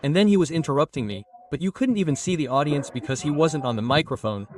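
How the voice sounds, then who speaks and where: A man in his thirties from Brazil doing stand-up, telling an animated story and acting out the lines of the people in it. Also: a little high, quick pace. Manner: animated, acts out quotes, swears casually. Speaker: stand-up comedian. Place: comedy stage with live audience. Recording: distant stage mic, audience noise.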